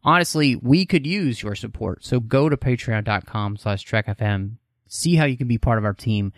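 A man from Texas hosts a podcast in an easy, rambling way, full of fillers. His voice sits at an ordinary middle pitch. The sound is dry and close, with no room around it. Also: normal speed, dry recording. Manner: chatty, rambling with many fillers. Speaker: podcast host. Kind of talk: casual podcast chat and show plugs.

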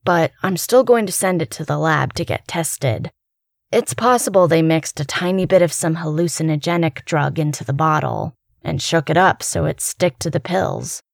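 Casting: a deep, gravelly male doctor, calm and puzzled, talking things through, dry studio read. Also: dry recording, heavily acted. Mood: reasoning. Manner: measured, reasoning. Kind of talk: audio drama acting.

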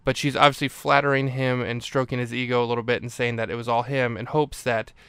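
A man's voice: mid-range voice, flat delivery, quick pace, a bit bright, smooth, dry recording. A man hosting a podcast, recapping a movie in a casual, rambling way, often correcting himself. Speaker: podcast host.

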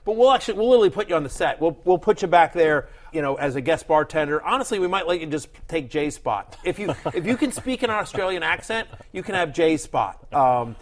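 A man's voice: fairly high pitch, animated, a little fast, hardly any pauses. A man co-hosting a sports podcast, chatting casually in a jokey, rambling way from a studio. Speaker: podcast co-host.

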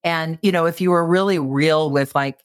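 A woman with a notably low voice speaks earnestly and encouragingly as a guest in a conversational interview. Her delivery is reflective and supportive, recorded close and dry with no room sound. She explains her ideas patiently. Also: normal speed, clear, resonant tone, no room sound.

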